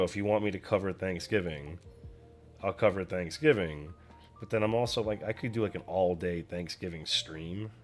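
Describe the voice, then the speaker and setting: एक युवा आदमी घर से स्ट्रीम करते हुए बेफ़िक्री से बातें करता है; उसकी आवाज़ कुछ गहरी है और पीछे धीमा संगीत चलता है।. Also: male voice, on the low side, a bit bright. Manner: rambling, chatty, self-deprecating. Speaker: streamer. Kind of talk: casual chat while painting on stream. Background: faint music.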